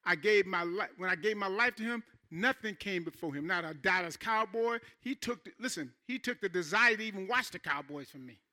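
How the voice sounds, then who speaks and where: A man preaches a sermon from the pulpit, his high voice cutting through with a very bright, forceful edge. He speaks in an animated, conversational way, checking in with the congregation and sinking to a hush for asides. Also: a little fast, few pauses. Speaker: pastor. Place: church.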